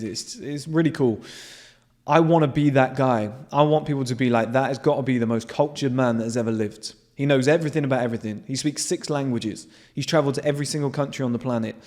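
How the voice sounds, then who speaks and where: A man with an animated manner, hosting a casual monologue to his viewers and swearing freely. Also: medium pitch. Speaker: host.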